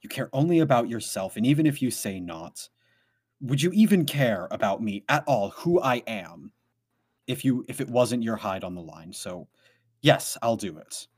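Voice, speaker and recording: A man's voice: mid-range voice, animated, normal speed, husky. A man voicing a resentful, weary former welder who lives alone out in the woods, speaking bluntly in a tabletop role-play. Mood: bitter. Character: bitter male former welder hermit.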